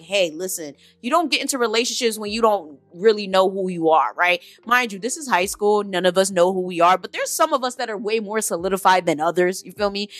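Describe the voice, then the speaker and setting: Blunt, bright-voiced young woman storyteller. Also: medium pitch, no echo. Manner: blunt, profane, animated storytelling with many quoted asides. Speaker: vlogger. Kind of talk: storytime vlog.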